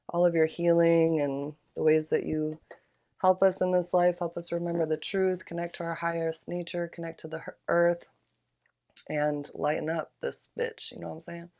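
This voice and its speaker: A young woman hosting her own podcast solo, chatting in a slangy, profane, laid-back way after leading a slow guided breathing. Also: fairly low pitch, flat delivery, warm tone. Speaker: podcast host.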